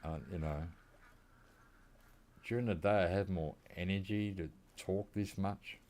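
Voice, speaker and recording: Aussie streamer guy, low voice, easygoing rambling game commentary from home. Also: steady tone, a little slow, a little mellow, slight background noise. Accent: Australian. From Australia. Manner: laid-back, rambling, chuckling often. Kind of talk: casual gameplay commentary.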